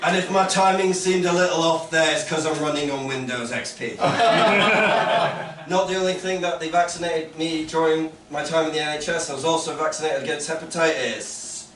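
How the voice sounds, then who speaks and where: A man with a fairly high voice performs stand-up, sarcastic and lively. The sound is roomy and heard from a distance, with loud noise underneath. It is a live club recording. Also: moderate pace. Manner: sarcastic, lively, mocks online complainers in a loud put-on voice. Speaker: stand-up comedian. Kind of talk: stand-up comedy set. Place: comedy club stage with a laughing audience.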